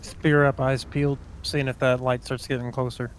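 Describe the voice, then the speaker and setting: A man's voice: mid-range voice, little pitch movement, normal speed, slight background noise. A man playing a tabletop role-playing game with laid-back, crude banter. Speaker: player. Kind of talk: casual tabletop play.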